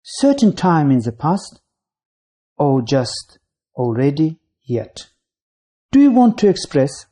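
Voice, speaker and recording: A voice narrating a scripted English grammar lesson, reading out rules, lists of signal words and example sentences in a measured way. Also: medium pitch, warm tone, breathy edge.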